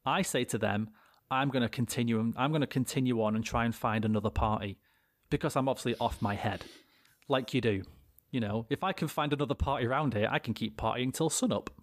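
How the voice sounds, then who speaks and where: A man's voice: mid-range voice, no room sound, clean studio sound. A young British man, a podcast co-host, telling a rambling anecdote with plenty of swearing and restarts. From Britain. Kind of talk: casual storytelling chat.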